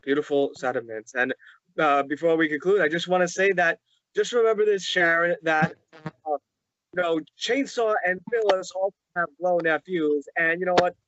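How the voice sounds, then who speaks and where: A man hosting a casual interview who speaks haltingly, with many pauses and restarts. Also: on the high side, a bit bright, no echo, dull audio. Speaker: host.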